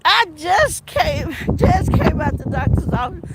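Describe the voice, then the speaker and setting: Slow, high-voiced woman on an outdoor walk. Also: sing-song. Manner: slow, drawling, laughing asides. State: mouth numb from dental work. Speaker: vlogger, former detective. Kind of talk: casual commentary. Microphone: phone. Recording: loud outdoor background noise.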